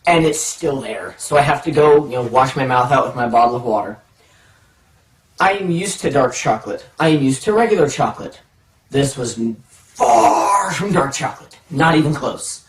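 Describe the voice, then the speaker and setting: A man telling a childhood story in an animated, playful way, dragging out pauses for suspense. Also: medium pitch. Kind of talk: personal anecdote storytelling. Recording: roomy, from a distance.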